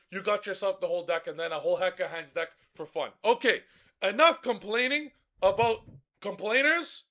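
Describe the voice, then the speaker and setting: A man giving a brash, profane deck guide for a card game, excitable and sometimes shouting. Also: sits high. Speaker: card game content creator.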